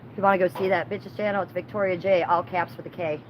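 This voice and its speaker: A woman's voice: lowish voice, fairly even intonation, quick pace, a little hiss or hum, low-quality recording. A woman hosting her own livestream, rambling through profane, gossipy stories in casual chat. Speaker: livestream host.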